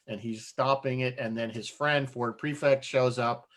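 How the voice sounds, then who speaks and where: A man's voice: medium pitch, steady tone, measured pace, fairly bright tone. Chatty man retelling a story. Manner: rambling, laughs often. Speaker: podcast co-host. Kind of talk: casual chat.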